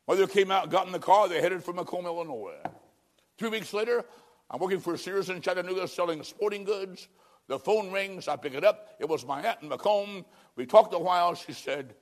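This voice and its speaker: A man's voice: a little high, normal speed. Pleading older man preaching a sermon. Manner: urgent, pleading, dramatic swings from loud to hushed. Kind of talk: sermon testimony. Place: church service.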